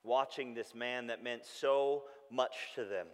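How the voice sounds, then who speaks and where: A pastor delivers a sermon, his voice at an ordinary middle pitch. He tells a story with animated energy and reflects in a softer, quieter tone. Long hall reverb trails behind each phrase. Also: a little slow. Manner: animated storytelling, shouting when acting out calls; drops to a soft, hushed tone when reflective.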